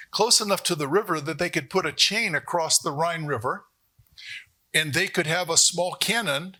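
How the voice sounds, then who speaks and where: A man giving a university economics lecture, animated, with jokey asides and rhetorical questions to the audience. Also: on the high side, breathy edge. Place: lecture hall.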